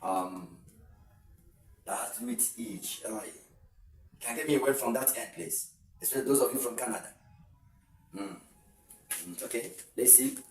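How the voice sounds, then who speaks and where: Male English teacher, exam-prep pronunciation lesson; drawn-out repeated words, lots of ums; roomy sound, mic set back from him. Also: medium pitch. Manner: repeats words slowly, with frequent hesitant fillers. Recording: roomy sound from a distant mic with faint noise.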